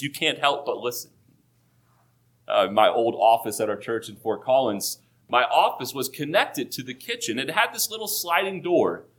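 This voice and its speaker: A male pastor preaching an expository sermon, slowing down to stress key points, with touches of dry humor. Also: mid-range voice, fairly bright tone.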